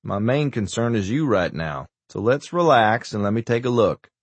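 In an audiobook, a man with a fairly low, slightly rough voice plays a wisecracking male doctor putting on a bad fake Scottish accent. The delivery is animated, teasing and moderately paced, with no echo.

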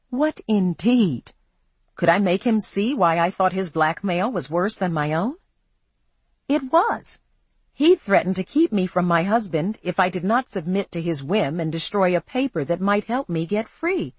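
A woman reading a novel aloud in the first person, in a measured, expressive storytelling manner. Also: lowish voice, slightly rough, no room sound. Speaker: audiobook narrator.

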